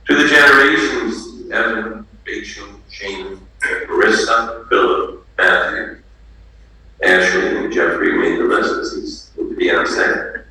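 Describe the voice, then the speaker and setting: A man officiating a funeral service, reading out family names in a halting way with restarts. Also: low voice, vocal fry, pushed and bright. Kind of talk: funeral address. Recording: echoey room, distant mic, faint noise.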